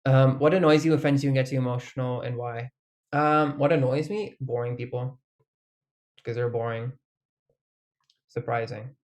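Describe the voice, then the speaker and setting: A man talking in a casual, rambling monologue, his voice sitting at an ordinary middle pitch. He strings thoughts together with constant "like"s, casual swearing and bursts of laughter. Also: fairly even intonation, normal speed, pauses often. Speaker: vlogger.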